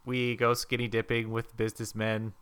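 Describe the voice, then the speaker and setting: A man co-hosting a comedy podcast, giving deadpan, dry commentary to listeners. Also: medium pitch, normal speed, smooth. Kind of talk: improvised comedy narration.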